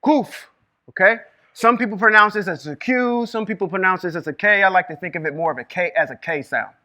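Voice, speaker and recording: Man, Bible teacher, high voice, lively, asks the room questions. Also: fairly quick. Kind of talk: classroom teaching to a live group. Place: room with a small live audience.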